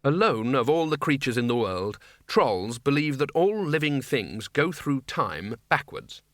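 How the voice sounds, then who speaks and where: A man's voice: mid-range voice, big pitch swings, unhurried, fairly bright tone, no echo. A man narrating a comic fantasy audiobook in a dry, wry storytelling manner. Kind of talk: scripted narration.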